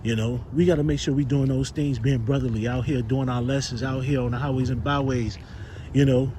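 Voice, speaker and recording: A man's voice: mid-range voice, steady tone, brisk. A man preaching informally to his brothers, rambling and cursing as he searches for the words of scripture. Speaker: street preacher. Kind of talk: informal exhortation. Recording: noisy outdoor street recording.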